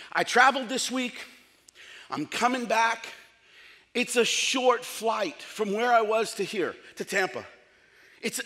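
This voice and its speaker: A middle-aged man preaching a sermon as pastor, telling comic stories in an animated way and acting out quotes. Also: very high-pitched, big-room sound. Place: large church hall.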